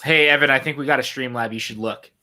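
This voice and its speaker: A man's voice: mid-range voice, fast talker, sharp tone. A man hosting a casual movie watch-along chat, enthusiastic and teasing, with occasional swearing. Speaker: podcast host.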